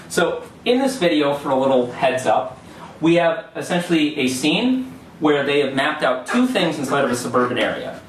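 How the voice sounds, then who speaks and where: A man's voice: mid-range voice, a little hiss or hum. A young man giving a classroom presentation, explaining step by step in a loose way with fillers and restarts. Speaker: student presenter. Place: lecture hall. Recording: echoey room from far off.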